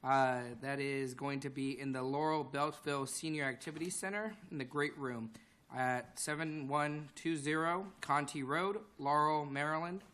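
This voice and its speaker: A man's voice: fairly high pitch, fairly even intonation, normal speed, a bit bright, smooth. A man, a city council member, giving community announcements casually with many fillers. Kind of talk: meeting announcements.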